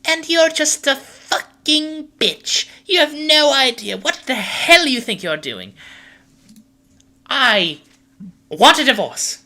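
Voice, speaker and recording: A man voicing a furious female vampire in shrill falsetto, screaming at her husband. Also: moderate pace, pushed and bright, heavily acted. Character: furious female vampire wife in torn red dress.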